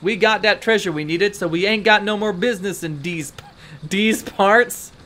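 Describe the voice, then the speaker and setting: A woman's voice: on the low side, fairly even intonation, quick pace, fairly bright tone, slight background noise, voice pushed down, lightly acted. A woman reading the lines of a gang of rabbit henchmen in a video game, with tough mobster-style talk. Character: gruff rabbit henchmen, wedding-planner gang.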